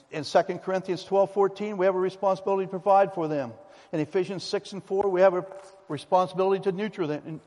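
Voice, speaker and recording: A male pastor delivers a sermon in a church sanctuary with a somewhat high, emphatic voice and a folksy, storytelling turn. A long hall reverb trails behind his words, and the delivery stays direct and pressing. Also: a little mellow.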